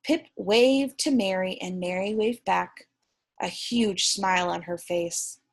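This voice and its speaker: A young woman teacher reading a picture book aloud to young students, slow, gentle and encouraging, stopping to ask the class questions. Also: medium pitch, gravelly.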